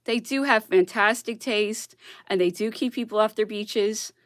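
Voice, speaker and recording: A woman's voice: mid-range voice, measured pace, no room sound, studio quality. A woman blogger on a casual, worked-up rant who keeps asking "okay?" and laughs between her points.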